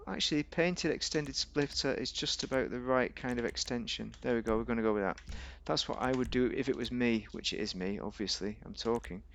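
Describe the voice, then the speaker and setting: A man's voice: a little fast, creaky, few pauses, slight background noise. A man giving casual, rambling, jokey commentary while playing a game, often talking to himself. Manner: rambling, chatty, jokey, talks to himself, sudden pitch jumps. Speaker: gaming video host.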